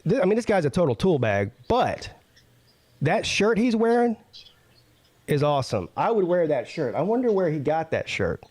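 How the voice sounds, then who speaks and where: A man's voice: fairly high pitch, very animated, fast, hardly any pauses, darkish tone, breathy edge. A man hosting a casual show, commenting on a video he plays and mocking it with lots of filler. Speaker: show host.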